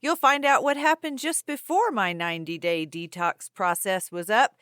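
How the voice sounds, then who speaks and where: A woman co-hosting a podcast in casual chat, animated and playful, and quick to laugh. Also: mid-range voice, dry recording, clean studio sound. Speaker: podcast co-host.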